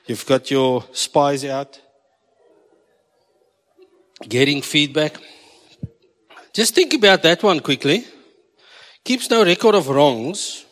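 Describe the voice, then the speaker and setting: A South African pastor preaches to his congregation with a slightly high voice, teasing them and mixing in Afrikaans asides. His voice carries a long echo around the church hall. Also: sing-song, slow, long pauses, fairly bright tone. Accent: South African English. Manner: jokey, switching between English and Afrikaans. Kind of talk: sermon.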